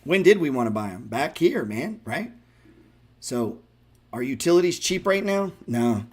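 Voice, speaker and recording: Speaking in a husky, mid-range voice at an unhurried pace, a man runs a stock trading show. He's excitable and profane, giving casual live market commentary straight to his viewers.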